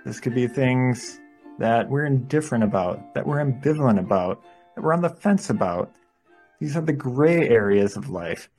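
A man's voice: mid-range voice, expressive, normal speed, darkish tone, faint music behind. A man co-hosting a casual podcast, talking in a loose, rambling way with lots of fillers. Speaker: podcast co-host.

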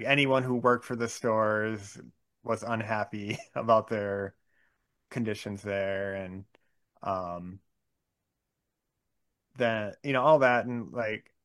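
Slow, hesitant man with a low voice. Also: fairly bright tone, dry recording. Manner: slow, hesitant, lots of ums and likes. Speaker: podcast co-host. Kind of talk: casual chat.

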